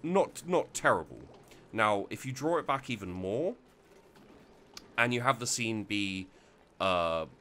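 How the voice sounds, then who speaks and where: A man's voice: sits low, unhurried, bright, forceful tone, a little hiss or hum. A man hosting a let's play, talking casually with lots of restarts and fillers while he plays. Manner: rambling, many restarts and fillers. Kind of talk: casual gameplay commentary.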